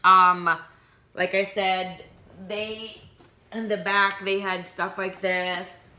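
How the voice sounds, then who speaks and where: A woman's voice: mid-range voice, level tone, very slow, bright, forceful tone. A young woman chatting casually in a haul vlog, rambling with lots of ums and likes. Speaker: vlogger.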